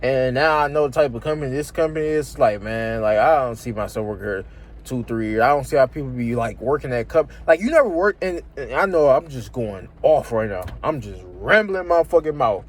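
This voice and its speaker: A man's voice: medium pitch, expressive, a little fast. A young man venting in a rambling, slang-heavy, swear-filled vlog rant about his job. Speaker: vlogger. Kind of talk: ranting vlog.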